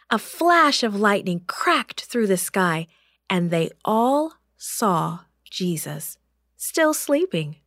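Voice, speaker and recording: Woman, children's story narration, gentle and expressive, unhurried, dry studio sound. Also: a little high, no room sound.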